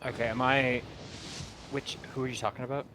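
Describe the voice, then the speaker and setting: Co-host voice, mid-pitched, short questions, clear music underneath. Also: flat delivery, brisk. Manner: brief, questioning interjections. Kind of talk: casual chat. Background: game music.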